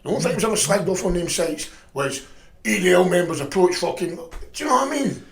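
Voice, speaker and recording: A middle-aged man telling stories in a profane, rambling, animated way. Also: high voice, fast, vocal fry, reverberant, a crowd in the background. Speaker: podcast guest. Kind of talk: casual storytelling chat.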